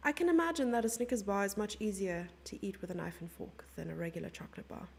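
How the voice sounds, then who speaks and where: A woman's voice: medium pitch, very animated, quick pace, creaky, darkish tone, a little hiss or hum. A young woman commenting on chess live and chatting playfully with her viewers. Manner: chatty, playful, reads out and answers chat.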